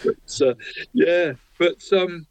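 A man's voice: fairly high pitch, takes it slowly, creaky, no echo. Jovial man, mate every line. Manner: jovial, says "mate" in nearly every sentence. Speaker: co-host of a local football show. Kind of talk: casual sports chat.

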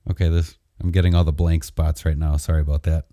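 A man hosting a casual comedic web show, talking in an offhand, rambling, deadpan way. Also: a bass voice, fast talker, dry recording, studio quality. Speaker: host.

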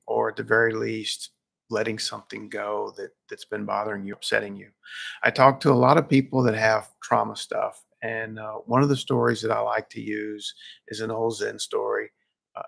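A man's voice: lowish voice, gravelly, a bit bright. A man who works as a counselor gives a reflective talk and tells a story, with frequent restarts.

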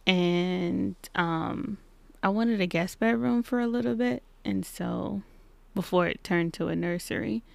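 A woman in her thirties hosting a casual solo podcast from her home basement, chatting and acting out little exchanges in lively voices. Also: on the low side, a little slow, gravelly, dry recording. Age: 30s. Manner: chatty, acts out quoted exchanges in animated voices. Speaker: podcast host. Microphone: podcast microphone.

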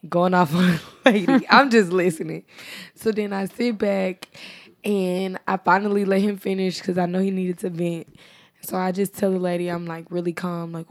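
A young woman co-hosting a podcast, chatting casually and telling animated stories with frequent laughter. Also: fairly low pitch. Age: young adult. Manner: animated storyteller, laughs often. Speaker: podcast co-host. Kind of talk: casual chat.

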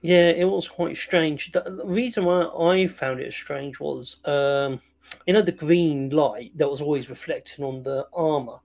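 A man's voice: on the high side, a little slow, vocal fry, darkish tone. A man co-hosting a film review podcast, chatting in an easygoing, agreeable way. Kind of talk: casual chat.

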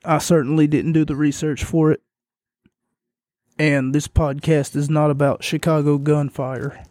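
Slow, hoarse monotone man. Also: on the high side, dry recording. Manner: monotone delivery. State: losing his voice, hoarse. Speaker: podcast host. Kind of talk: casual solo podcast review.

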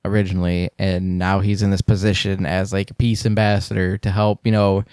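A man's voice: low-pitched, little pitch movement, a little fast, darkish tone, clear, resonant tone, no room sound, studio quality. A man co-hosting a casual movie podcast, thinking aloud in long rambling turns. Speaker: podcast co-host.

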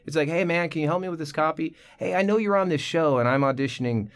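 A man's voice: a little high, fast, smooth. A man guesting on a podcast about voice acting, telling anecdotes in casual chat and acting out quotes in different voices. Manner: animated storyteller, acts out quotes in voices. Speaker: guest voice actor.

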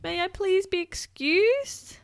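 A woman's voice: very high-pitched, lively intonation, slow pace, gravelly, pitched above the performer's own voice, heavily acted. A woman voicing a polite, well-mannered little girl in a storybook reading. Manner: prim, very polite.

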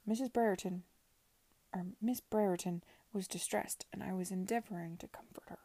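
Brief: assured young gentleman , a woman reading, whispered reading, husky and dry. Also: mid-range voice, moderate pace, dry recording, natural voice. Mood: earnest. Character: smooth self-assured young baronet man.

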